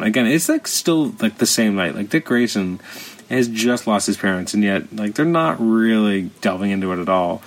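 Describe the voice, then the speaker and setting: A man with a somewhat low-pitched voice talks through a comic series in a loose, unscripted way. He leans on fillers and restarts and keeps sounding openly incredulous. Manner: rambling, filler-heavy, incredulous. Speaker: comic book reviewer. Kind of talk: casual spoken review.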